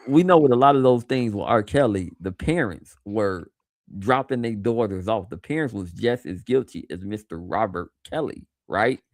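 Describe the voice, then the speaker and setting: A man on a podcast panel argues his point in a lively voice that moves all over. He stumbles and restarts his words as he makes the case. The sound is close and dry. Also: lowish voice, normal speed, no echo. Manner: animated, stumbling restarts when arguing a point. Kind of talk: casual chat.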